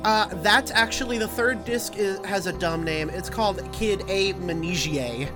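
A man's voice: high voice, unhurried. A man chatting on a podcast as he plays a game, joking around, swearing freely and laughing often. Music plays faintly underneath. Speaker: podcast co-host. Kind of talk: casual chat while playing a game.

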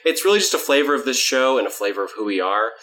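Guy cohosting a chatty podcast, bright punchy voice, jokey then earnest. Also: medium pitch, sing-song, quick pace. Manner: joking, self-mocking, turns earnest when explaining. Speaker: podcast co-host. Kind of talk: casual podcast chat.

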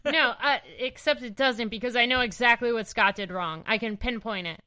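A young woman with a New Jersey accent trades quick, playful retorts on a comic book podcast. Her voice sits a little high, bright and smooth. She giggles easily through casual chat.

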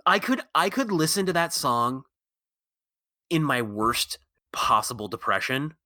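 A man's voice: medium pitch, big pitch swings, bright, forceful tone, no room sound, clean studio sound. A man co-hosting a podcast, talking casually and jokingly, swearing now and then. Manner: jokey, swears, quick to laugh. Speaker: podcast co-host. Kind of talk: casual chat.

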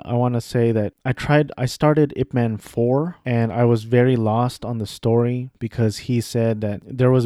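A man's voice: mid-range voice, mellow, no echo, studio quality. Rambling young man chatting about movies. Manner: rambling, self-correcting, offhand. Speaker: vlogger. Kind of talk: casual film chat.

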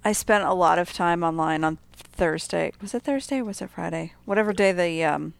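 A young woman co-hosting a casual chat, excitable and blunt, swearing freely. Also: fairly low pitch, normal speed, creaky. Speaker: podcast co-host.

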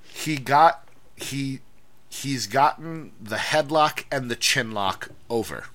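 A man hosting a loose conversational show. His voice sits at an ordinary pitch, and he often stumbles over the first words of a sentence before settling in. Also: a bit bright. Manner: halting, repeats words when starting. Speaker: podcast host. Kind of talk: casual wrestling chat.

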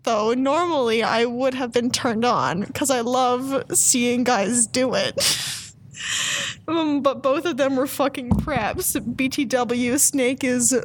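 A woman's voice: fairly high pitch, takes it slowly, slight background noise. A woman doing a comedic dramatic reading of a fan fiction, often breaking into giggles.

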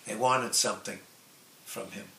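Male preacher, sermon delivery, drawn-out earnest phrasing; echoey room, faint noise behind. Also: on the low side, fairly even intonation, creaky. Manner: slow, earnest, drawn-out emphasis with soft trailing phrase endings.

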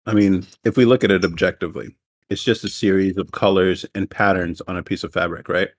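A man's voice: deep voice, fairly even intonation, fairly quick. A man hosting a casual sibling podcast recorded over voice chat, joking and teasing as he talks. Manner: joking, teasing, laughs often. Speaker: podcast host. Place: home, separate rooms.

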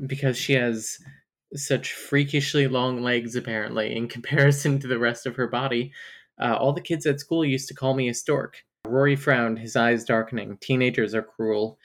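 A woman's voice: rumbling low, steady tone, normal speed. A woman co-hosting a podcast, recapping a romance novel in a wry, candid way and laughing often. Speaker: podcast co-host. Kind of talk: casual book discussion chat.

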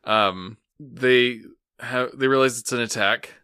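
A man's voice: medium pitch, fairly even intonation, slow pace, sharp tone, clear, resonant tone, no room sound, clean studio sound. A man co-hosting a podcast, recapping an anime episode in casual chat with a laid-back, wry manner and casual swearing. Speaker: podcast co-host.

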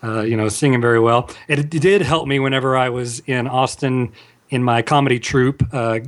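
A man guest on a casual podcast, telling stories in a relaxed, easygoing way. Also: medium pitch, normal speed. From Texas. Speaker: guest actor.

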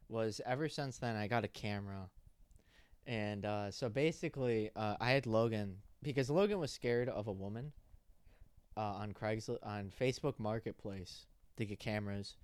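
A man's voice: fairly low pitch, clear, resonant tone, dry recording. A young man in college hosting a casual podcast, rambling through stories with swearing and restarts. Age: young adult. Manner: rambling, swearing, quick laughs. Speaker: podcast host. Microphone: podcast mic.

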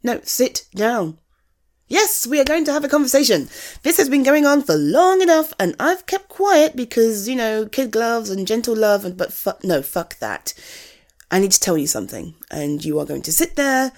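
A woman's voice: a little high, sing-song, moderate pace, darkish tone. A woman playing a blunt, caring best friend. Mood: exasperated. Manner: blunt, swearing, frank tough love. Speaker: friend talking to the listener. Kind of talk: one-sided audio role-play.

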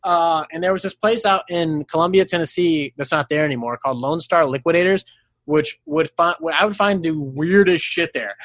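A young man with a high voice tells a story in animated, unfiltered chat. He swears freely and laughs in the middle of sentences. When he quotes people, his voice leaps even higher. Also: a little fast, no echo. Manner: acts out voices in quoted lines, jumping up high. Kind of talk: casual chat.

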